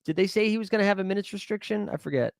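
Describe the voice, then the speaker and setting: A man hosting a live fantasy sports stream, chatting casually and excitably with viewers by name while thinking aloud over his picks. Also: high voice, racing, gravelly, dry recording, clean studio sound.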